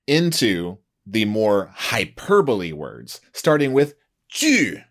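Lively low-voiced man hosting a lesson. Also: slow. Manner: animated, laughs often, playful mock alarm. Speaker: host. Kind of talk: conversational language lesson.

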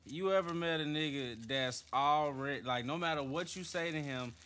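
A man's voice: on the high side, normal speed, a little hiss or hum. A young man in loose, profane chat with friends, jumping in with reactions and stories. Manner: lively, profane, jumps in with reactions. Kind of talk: casual chat among friends.

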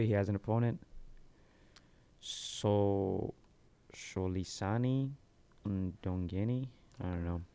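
A man's voice: on the low side, darkish tone, clear, resonant tone. A man hosting a boxing podcast in casual chat, easygoing, with lots of ums and easy laughs. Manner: easygoing, fills pauses with um, laughs easily. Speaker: podcast host.

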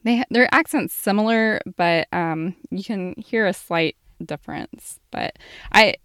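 A woman's voice: mid-range voice, fairly bright tone, smooth, no echo, studio quality. A woman from the American South with a faint Southern accent, hosting a casual podcast chat and laughing easily. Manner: unhurried, laughs easily, chatty. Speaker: podcast host.

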